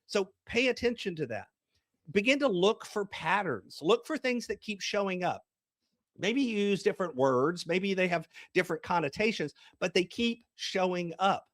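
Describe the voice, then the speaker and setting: A man's voice: sits high, no room sound, clean studio sound. A man, a coach and author, talking in an interview and acting out small scenes as he tells a story. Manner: storytelling, acts out dialogue. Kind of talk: podcast interview.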